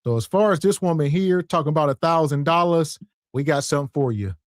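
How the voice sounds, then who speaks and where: A man's voice: fairly high pitch, expressive, quick pace, dry recording, studio quality. A man hosting a podcast, casual commentary with sarcastic, slangy remarks. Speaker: podcast host.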